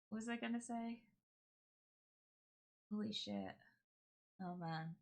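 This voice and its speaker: A woman's voice: medium pitch, sing-song, slow pace, long pauses, bright, forceful tone. A young woman with a cold, chatting with viewers on a live stream in a nasal, congested voice, rambling with lots of fillers.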